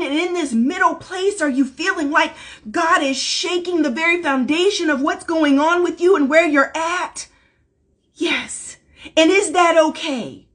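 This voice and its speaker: A woman's voice: sits high, breathy edge. A woman giving an impromptu, emphatic spiritual pep sermon live from home on her phone camera, in casual folksy slang and repeating lines for emphasis. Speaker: spiritual life coach. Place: at home, packing. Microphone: phone or webcam, going live.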